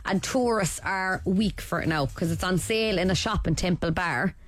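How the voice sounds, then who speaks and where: A woman's voice: lowish voice, moderate pace, faint music behind. Chatty Irish woman co-hosting radio. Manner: chatty, teasing, laughs easily. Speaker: radio co-host. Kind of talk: casual radio chat.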